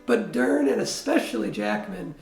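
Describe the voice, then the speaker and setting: A male film critic delivers a blunt, wry review. His voice sits high and is heavily gravelly. The sound is echoey, as if from a bare room. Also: expressive, normal speed, soft background music.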